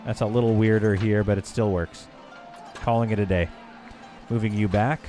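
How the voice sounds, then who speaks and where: Over faint music, a man with a fairly low, dark-toned voice and fairly even intonation rambles and jokes with his stream audience while gaming. His French comes out in halting bits that he keeps correcting.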